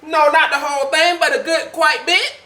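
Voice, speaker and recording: A man's voice: extremely high pitch, fairly even intonation, moderate pace, pushed and bright. A man making a casual, playful how-to vlog in his home kitchen, joking as he goes. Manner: playful, joking, laid-back. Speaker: vlogger. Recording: echoey room with faint background noise.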